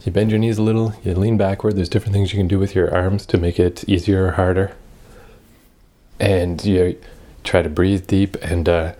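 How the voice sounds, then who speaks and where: A young man talks to his camera in a loose, rambling way, thinking aloud and swearing freely. His voice sits low and has a husky, slightly rough grain. The tone is dark and mellow. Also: flat delivery, moderate pace. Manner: rambling, self-reflective, swears often. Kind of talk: casual personal vlog monologue.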